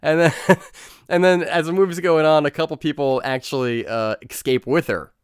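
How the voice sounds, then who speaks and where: A man giving a casual, profane movie review, animated and sarcastic, with frequent swearing and mocking quoted reactions. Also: a little high, brisk, smooth, no room sound, studio quality. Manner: animated, sarcastic, swears freely, mocks scenes in put-on quotes.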